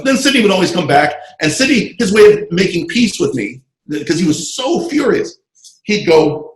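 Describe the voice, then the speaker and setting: A man tells his career stories in an animated, rambling way, with a slightly higher voice than most men. His voice rings in a roomy space and comes over a video call. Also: a little fast. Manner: animated, digressive, full of asides. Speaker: interview guest, screenwriter and comic artist. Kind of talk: casual anecdotal storytelling.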